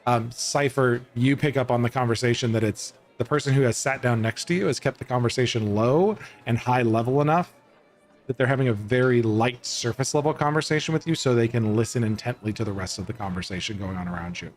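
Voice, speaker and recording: A man narrating a tabletop role-playing game as game master, in a loose, halting way with many fillers and restarts. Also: medium pitch, faint music behind.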